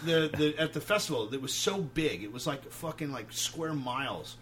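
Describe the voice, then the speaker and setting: A man's voice: a little high, normal speed, a bit bright, slight background noise. Profane, rambling man from New York. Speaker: guest, metal band singer. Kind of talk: casual storytelling.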